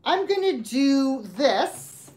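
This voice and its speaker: A woman runs a live sale, chatting through each item at an unhurried pace. Her pitch moves a lot, and she rambles with fillers. Faint noise sits under the recording. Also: expressive, darkish tone. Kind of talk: live-stream sales chat.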